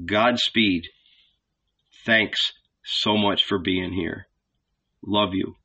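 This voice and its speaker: A man reading a novel aloud as the regular reader, slow and deliberate, closing with an affectionate sign-off. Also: low voice, steady tone, gravelly, bright, forceful tone, slightly rough. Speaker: audiobook reader. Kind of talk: scripted narration.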